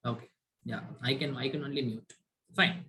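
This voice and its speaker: Male teacher on a video call, bright, forward voice, constant "right?" checks while lecturing. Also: mid-range voice, fairly even intonation, normal speed. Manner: quizzes students, frequent "right?" tag questions. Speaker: chemistry teacher. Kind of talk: online class lecture.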